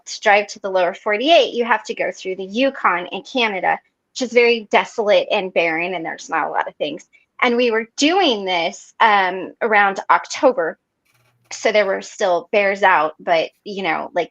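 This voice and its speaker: A woman's voice: medium pitch, moderate pace, a bit bright, dry recording. A woman hosting an online recovery meeting, telling stories casually and animatedly, laughing often. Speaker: meeting host. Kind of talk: casual online support group chat. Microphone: video call. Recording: muffled dry video call audio.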